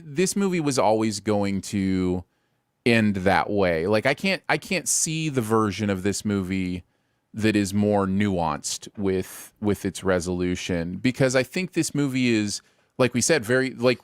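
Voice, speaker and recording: Low-voiced man, dry close sound. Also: lively intonation, a little slow, clean tone, dry recording. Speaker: podcast co-host. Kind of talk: casual chat, movie review.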